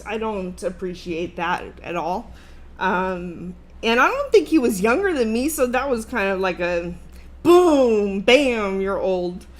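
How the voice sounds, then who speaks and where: A woman in her thirties hosting a livestream, telling a story in a casual, animated, profane way and laughing along the way. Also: on the high side. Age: 30s. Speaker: livestream host.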